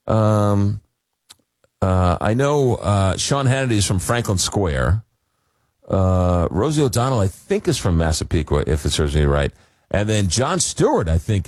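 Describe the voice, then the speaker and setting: A man's voice: lowish voice, darkish tone, no echo, studio quality. A man in his fifties from Long Island, New York, hosting a radio call-in show and telling rambling, self-deprecating stories. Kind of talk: casual talk radio storytelling. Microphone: studio microphone.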